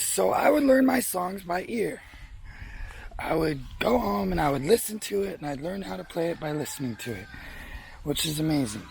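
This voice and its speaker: A young man with a gravelly, slightly raised voice tells his story in a casual vlog. He rambles and swears openly, talking frankly to the camera. A faint hiss sits under the voice. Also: a little high, rough recording. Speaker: vlogger.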